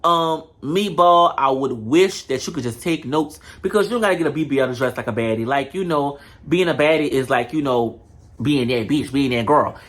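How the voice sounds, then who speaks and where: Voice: medium pitch, moderate pace. A show reviewer on camera giving a casual, blunt reality-show recap, talking straight to the viewers. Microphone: camera mic.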